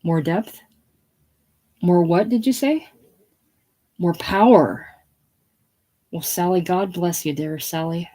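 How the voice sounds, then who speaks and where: A woman's voice: on the low side, takes it slowly, pauses often, dark tone. A woman reading the part of a faded, aging female film star, breathless and theatrical. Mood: gushing. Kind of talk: casual play reading.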